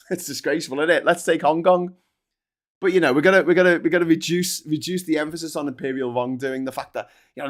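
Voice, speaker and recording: Sweary man ranting, higher voice. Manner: sweary and heated, with stammered restarts. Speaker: host. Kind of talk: ranting monologue.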